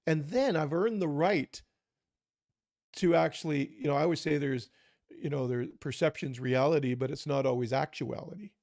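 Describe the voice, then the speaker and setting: A man's voice: fairly high pitch, moderate pace, creaky, a little mellow, no room sound, studio quality. A man co-hosting a podcast, talking earnestly about communication and acting out short example dialogues. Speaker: podcast co-host. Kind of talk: conversational advice talk.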